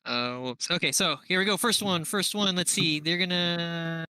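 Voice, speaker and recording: A man's voice: sits high, normal speed, bright, forceful tone, clear, resonant tone, no echo, rough recording. A man running a tabletop game as game master, narrating the scene and thinking aloud, laughing often.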